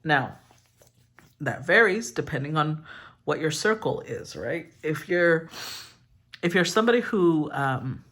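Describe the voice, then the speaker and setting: A woman's voice: deep voice, big pitch swings, a little slow, long pauses, fairly bright tone. A woman giving a casual collective tarot reading, talking in a rambling, candid way and swearing freely. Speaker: tarot reader.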